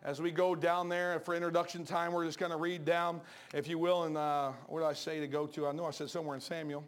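Man, pastor, quick talker, animated storytelling sermon. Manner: joking, animated storytelling, drops low and soft for serious points.

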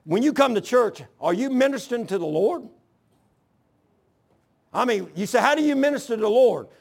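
A man in his sixties preaching a sermon in church, mixing scripture with personal testimony in a folksy, earnest storytelling way with rough grammar. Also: very high-pitched, animated, normal speed.

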